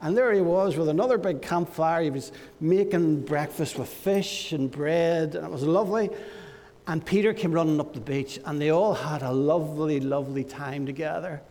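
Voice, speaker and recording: Animated male pastor in an echoey church. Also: a little high, moderate pace. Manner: animated, playful storytelling to children. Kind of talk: children's talk in a church service.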